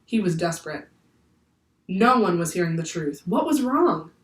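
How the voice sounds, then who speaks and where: A woman teacher reading a children's book aloud in clear, steady storytelling. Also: lowish voice, normal speed. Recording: echoey room, far from the mic.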